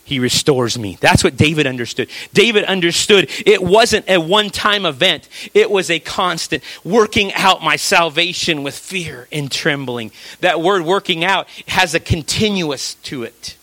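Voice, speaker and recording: A man preaching a sermon in a conversational way, with rhetorical questions and a habit of dropping low and quiet for emphasis. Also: no room sound. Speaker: pastor.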